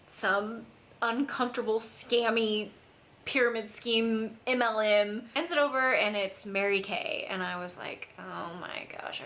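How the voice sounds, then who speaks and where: A woman's voice: fairly high pitch, bright, forceful tone. A young woman telling a casual storytime to camera, chatty and full of "like". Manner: chatty, filler-heavy, lots of "like". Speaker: vlogger. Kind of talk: storytime vlog.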